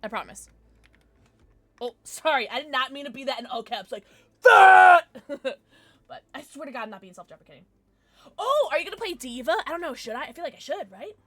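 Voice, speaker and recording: A giggly young woman chatting with her stream viewers. Her voice sits a little high and swings widely, bubbly one moment and softly mumbling the next. She keeps up a casual, chatty flow with her audience. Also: animated, fairly quick. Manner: jumps between soft mumbles and loud squeals. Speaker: livestreamer. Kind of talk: casual live-stream chat.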